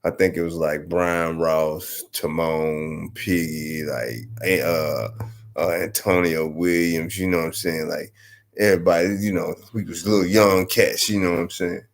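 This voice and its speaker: A man's voice: low voice, fairly even intonation, unhurried. A man from Arkansas with a Southern US accent, telling a comic story in a loose, profane, rambling way. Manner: loose, profane, rambling, constantly asks "you know what I'm saying". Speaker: storyteller host.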